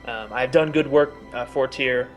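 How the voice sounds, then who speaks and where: A man's voice: mid-range voice, moderate pace, lo-fi sound, faint music behind, lightly acted. Man playing an earnest, pious paladin. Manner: earnest, formal speech with hesitations.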